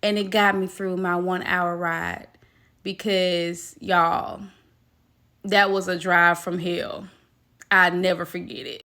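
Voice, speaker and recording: A woman's voice: lowish voice, flat delivery, slow pace, sharp tone. A woman telling a personal story to her viewers in a casual storytime vlog, emphatic and talking straight to them. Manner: emphatic, talks straight to viewers, acts out quoted voices.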